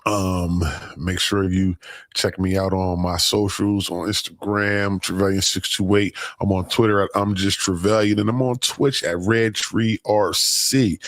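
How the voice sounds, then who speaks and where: A man's voice: low-pitched, no echo. Profane, laid-back man hosting a livestream. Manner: profane, laughs a lot, reads comments aloud. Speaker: livestream host. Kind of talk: casual live-stream chat.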